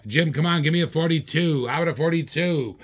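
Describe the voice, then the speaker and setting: A man hosting a live-stream auction, calling bids in rapid repeated phrases and egging bidders on. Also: fairly high pitch. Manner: rapid repetitive bid calling, hyping bidders. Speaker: auctioneer host.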